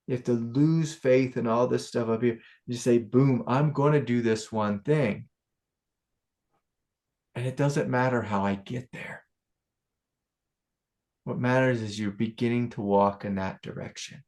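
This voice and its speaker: A man, a spiritual teacher, giving a casual satsang talk to a student, telling stories in a loose, animated way. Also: medium pitch, a little slow, long pauses.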